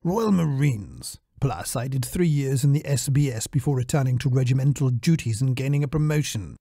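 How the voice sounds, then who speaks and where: A man's voice: mid-range voice, lively intonation, moderate pace, dark tone, dry recording, studio quality. A man voicing a clipped, posh military colonel. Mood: clipped, formal. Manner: formal, clipped.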